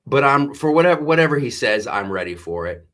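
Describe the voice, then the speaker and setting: A man hosting a casual live stream, talking in a rambling and exasperated way. He stops and restarts his sentences a lot and keeps breaking off to read viewer comments. His voice sits in an ordinary middle pitch. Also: big pitch swings, a little fast, a bit bright. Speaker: host. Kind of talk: live-stream political commentary reading chat.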